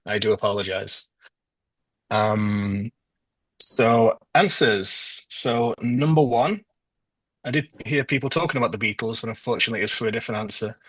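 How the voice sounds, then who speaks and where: A man from northwest England hosting a trivia quiz over a video call, going through the answers casually with frequent ums and pauses. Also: on the low side, fairly bright tone, no echo, low-quality recording. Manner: hesitant, lots of ums. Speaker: quiz host.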